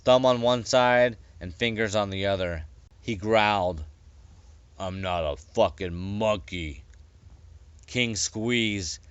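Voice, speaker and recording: A man reading his own story aloud in a plain, unhurried way with small stumbles. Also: medium pitch, a bit bright, clean tone, dry recording, highs cut off. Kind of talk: casual audiobook reading.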